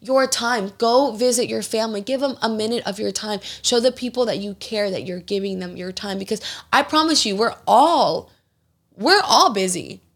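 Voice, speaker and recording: Chatty woman podcast host, animated. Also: fairly high pitch, normal speed, breathy edge. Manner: animated storytelling, acts out quoted people; swears casually. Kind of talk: casual podcast chat.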